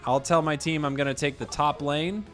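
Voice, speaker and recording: A man hosting a gaming video, chatting casually about his matches and bursting into loud excitement at big plays. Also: a little high, normal speed, soft background music. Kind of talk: casual gameplay commentary.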